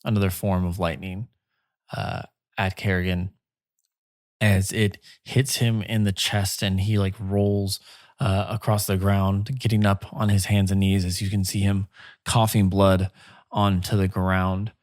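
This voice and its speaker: A man narrating as game master of a tabletop game, slow and halting with many fillers. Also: deep voice, little pitch movement, darkish tone, no room sound, clean studio sound.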